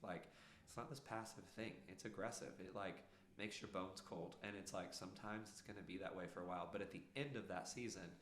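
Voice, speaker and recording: A man's voice: sits low, a little fast, fairly bright tone, roomy sound. A man, a podcast guest telling his story earnestly, rambling with many fillers. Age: 30s. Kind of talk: casual storytelling.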